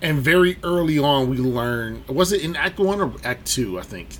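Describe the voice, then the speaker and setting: A man talking casually in a podcast movie discussion, halting with many fillers. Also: on the high side, expressive, a little hiss or hum. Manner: slow, hesitant, many fillers. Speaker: podcast co-host.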